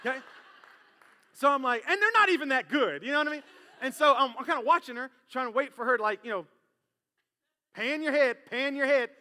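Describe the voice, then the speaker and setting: A man preaching from a church stage in a high, bright voice. He is animated and acts out the voices of the people in his story. His words ring with a long reverb through the hall. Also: quick pace. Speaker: pastor. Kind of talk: sermon with personal storytelling. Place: church sanctuary.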